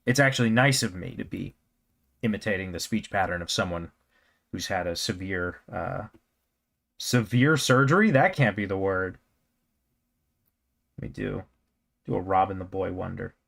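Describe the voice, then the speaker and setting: A cartoonist streamer chats casually while drawing live, rambling with jokey self-mocking asides. His voice is low, creaky, and a bit bright, with a scratchy throat, normal speed, and long pauses.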